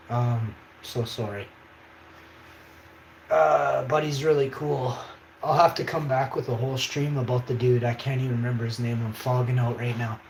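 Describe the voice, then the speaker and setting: A man's voice: medium pitch, darkish tone. A man hosting a livestream, talking in an emphatic, rambling way and often checking in with his viewers. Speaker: livestream host. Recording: echoey room, faint background noise.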